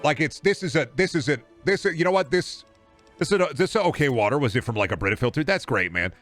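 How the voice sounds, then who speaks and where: A young adult man streaming a game, ranting to chat in a profane, animated way and slipping into comic voices. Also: on the high side, quick pace, faint music behind. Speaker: gaming streamer. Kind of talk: casual rant to stream chat.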